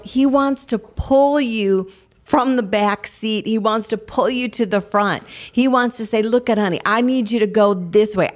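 An older woman co-hosting a faith talk show, earnestly encouraging listeners with family stories. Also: mid-range voice. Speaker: co-host of a Christian talk show. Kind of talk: devotional encouragement.

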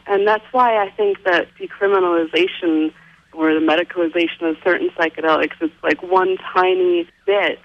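A woman's voice: fairly low pitch, muffled recording. A woman speaking as a guest in a radio interview, talking in an earnest, reflective way.

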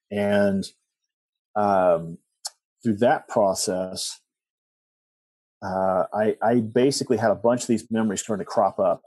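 A man's voice: lowish voice, darkish tone, slightly rough, no echo. A middle-aged man telling personal stories as a guest, rambling with restarts and asides. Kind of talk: personal storytelling in conversation.

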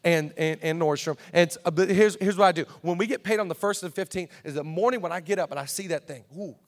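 A pastor delivers a sermon to his church in a voice set high for a man. He repeats key words for emphasis and swings between quiet, confiding asides and loud, driving declarations. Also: fast.

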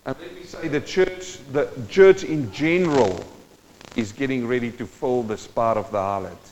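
A male preacher giving a sermon, moving between quiet teaching and loud, impassioned exhortation and speaking straight to his listeners. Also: mid-range voice, animated, moderate pace, slight background noise. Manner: addresses the congregation directly. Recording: dull sound with long hall reverb.

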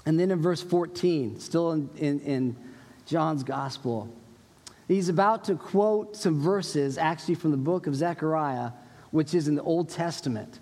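Male pastor, chatty teaching sermon, higher voice, echo of a big church hall. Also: a little mellow. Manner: conversational, explanatory preaching with quoted voices. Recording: long hall reverb.

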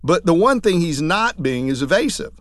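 A man, a trial lawyer, telling courtroom stories in a lively way, acting out what others said. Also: a little high, moderate pace, no room sound, studio quality. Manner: lively, acts out quoted voices. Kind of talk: anecdotal storytelling talk.

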